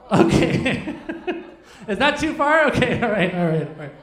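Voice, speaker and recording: Male stand-up comic, 40s, light high voice, loose rambling delivery, echoey club room. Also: very animated, normal speed, fairly bright tone. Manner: rambling, self-deprecating, chats with the audience. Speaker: stand-up comedian. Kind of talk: stand-up comedy set with crowd work. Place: comedy club stage.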